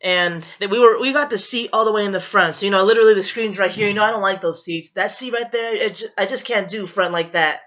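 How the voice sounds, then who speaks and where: A woman's voice: mid-range voice, fast, few pauses, fairly bright tone. A young woman telling a storytime vlog in a blunt, profane, confrontational way, on dull lo-fi audio. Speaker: vlogger. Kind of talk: storytime rant.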